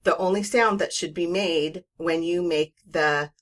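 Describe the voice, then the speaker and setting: Slow, patient woman reading teacher. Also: lowish voice. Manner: slow, patient, reassuring explanation with demonstrated whispers. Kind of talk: instructional video lesson.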